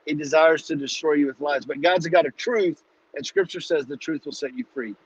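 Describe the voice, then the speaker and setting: A man hosting a live-streamed Bible study, teaching in a casual, energetic, preachy way and calling listeners "dude". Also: fairly high pitch, fairly quick, husky. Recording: dull lo-fi live stream audio.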